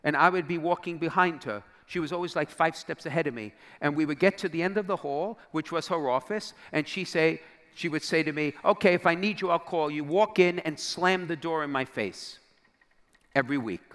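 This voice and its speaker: A man's voice: fairly high pitch, normal speed, a bit bright. A middle-aged man, a bishop, preaching to young people by telling a story, acting out the dialogue and dropping almost to a whisper at key moments. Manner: dramatic storyteller, acts out quoted dialogue, drops to near-whisper at key moments. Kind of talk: storytelling sermon to a youth crowd. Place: large convention hall. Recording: long reverb of a large hall.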